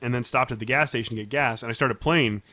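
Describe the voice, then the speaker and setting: Chatty man, bright dry voice. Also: mid-range voice, fast talker, no room sound. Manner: chatty storyteller, laughs often. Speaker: podcast co-host. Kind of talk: casual chat.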